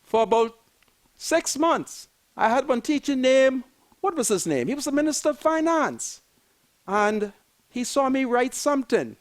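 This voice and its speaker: A man's voice: very high voice, animated, a little slow. An older man with a Bahamian accent, delivering a fiery, emphatic political rant as a commentator and repeating his points with preachy force.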